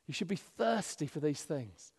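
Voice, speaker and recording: Preacher, reverberant hall. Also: male voice, a little high, normal speed, slightly rough. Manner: animated, swings from loud emphasis to hushed. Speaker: pastor. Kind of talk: sermon. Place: church.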